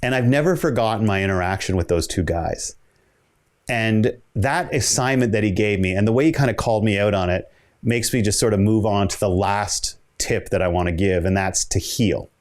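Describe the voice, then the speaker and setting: A man's voice: lowish voice, moderate pace. A man giving a motivational keynote talk, telling a story conversationally and voicing the dialogue of the people in it. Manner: conversational, builds stories with quoted dialogue. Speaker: keynote speaker.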